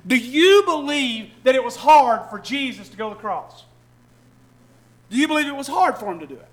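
A man preaching a sermon in church, swinging from loud shouting to soft low asides, with many repeats and restarts. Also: expressive, moderate pace. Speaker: pastor. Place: church hall with congregation.

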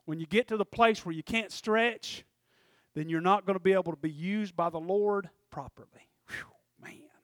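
A man's voice: high-pitched, normal speed, fairly bright tone, dry recording, studio quality. A man preaching a folksy, conversational sermon, often checking in with the congregation.

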